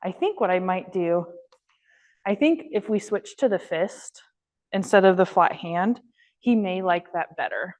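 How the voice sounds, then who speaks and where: A woman dog trainer leading an online class, explaining steps and praising her dog in a high, happy voice between instructions. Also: animated, a little slow, darkish tone.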